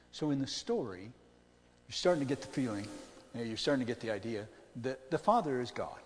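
A middle-aged man preaching from the pulpit in a relaxed, talkative way, pausing to quiz his congregation. His voice sits at a medium pitch and rings out with the long reverb of a church hall. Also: a little hiss or hum. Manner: conversational preaching with questions to the congregation. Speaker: pastor. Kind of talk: sermon.

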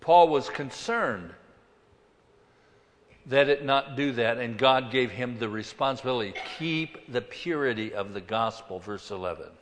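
A man preaching a sermon as pastor, swinging between loud emphasis and quiet asides. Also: mid-range voice, expressive, a little slow, big-room sound.

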